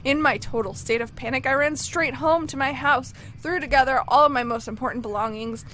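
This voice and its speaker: A woman voicing an excitable, self-pitying female clockmaker hermit, reading game dialogue aloud in a theatrical, wailing way. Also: high-pitched, a little fast, slight background noise.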